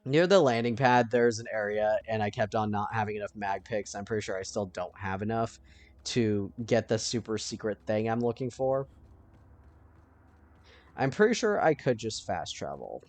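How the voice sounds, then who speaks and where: A man giving casual let's-play commentary, thinking aloud and now and then breaking into panicked yelling. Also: fairly low pitch, expressive, moderate pace.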